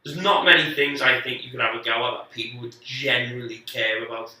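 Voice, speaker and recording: This guest comedian on a podcast has a medium-pitched, piercingly bright, steady voice as he rambles through profane anecdotes, laughing at himself with quick self-mocking asides. He sits a little distant from the mic in a strongly echoing room.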